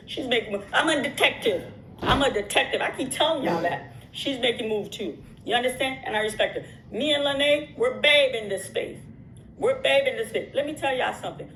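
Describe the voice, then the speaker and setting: A woman's voice: medium pitch, fairly bright tone, echoey room, a little hiss or hum, rough recording. A woman talking straight to her viewers in casual commentary, emphatic and repetitive, with frequent restarts. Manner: emphatic, repeats phrases, many restarts. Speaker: YouTube commentator. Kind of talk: casual talk to the camera.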